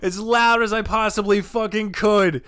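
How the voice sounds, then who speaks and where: Lively high-pitched man telling a story. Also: fairly quick, a loud crowd, heavy background noise. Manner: animated, profane, acts out shouts. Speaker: comedian guest. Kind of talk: storytelling chat.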